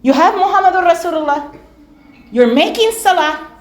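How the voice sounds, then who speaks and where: एक महिला जो धार्मिक व्याख्यान में कहानियाँ सुनाती है, जोश से बोलती है और बात पर ज़ोर देने के लिए शब्द दोहराती है। उसकी आवाज़ ऊँची है, और वह एक गूँजते हॉल से सुनाई देती है।. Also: female voice, very high-pitched, normal speed. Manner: animated, acts out quoted voices, repeats words for emphasis. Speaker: Islamic lecturer. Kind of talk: storytelling religious lecture. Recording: echoey hall.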